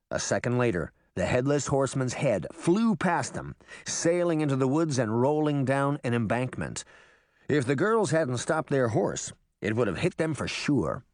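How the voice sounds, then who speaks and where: A man reading a children's adventure story aloud as an audiobook narrator, with expressive, animated storytelling. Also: medium pitch, no echo, studio quality.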